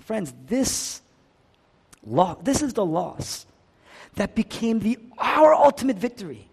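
A man's voice: big pitch swings, slow, breathy edge. Impassioned male preacher in a big hall. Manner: swings between hushed lows and impassioned high-pitched cries. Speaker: pastor. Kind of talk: sermon.

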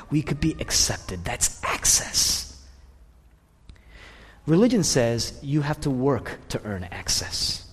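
A man preaching a sermon in a church, swinging between loud declarations and hushed whispers. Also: a little high, breathy edge. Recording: long reverb of a large hall.

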